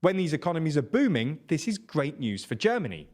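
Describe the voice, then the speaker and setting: A man narrating a scripted news explainer in a measured, informative way. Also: a little high, big pitch swings, darkish tone.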